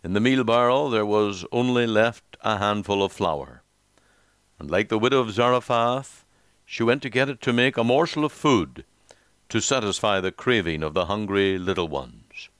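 Low-voiced man telling a sermon story. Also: expressive, a bit bright, smooth, no echo, clean studio sound. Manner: measured, solemn storytelling. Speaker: preacher.

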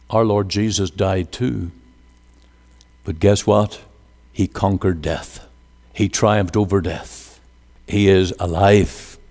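Slow, deep-voiced male preacher in a hall. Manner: emphatic preaching, rising to high fervent peaks, dropping to hushed lows. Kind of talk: sermon.

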